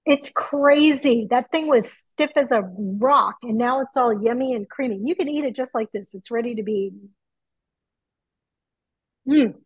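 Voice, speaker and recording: A middle-aged woman chatting excitedly from her home kitchen over a video call, through earbuds. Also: on the high side, normal speed, long pauses, slightly rough, no echo, poor audio. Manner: chatty, excitable, laughs easily. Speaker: guest.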